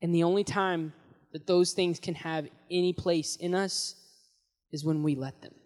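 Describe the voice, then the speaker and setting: A young man preaching as a youth pastor, telling the story in an animated, casual way with slang, swinging between loud and hushed, in a large hall. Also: a little high, normal speed. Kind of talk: sermon. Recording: long echoey hall reverb.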